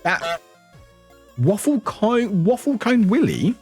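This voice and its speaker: A man from the UK, streaming and chatting casually, reading chat aloud, lively and swearing freely. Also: high voice, takes it slowly, over music. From United Kingdom.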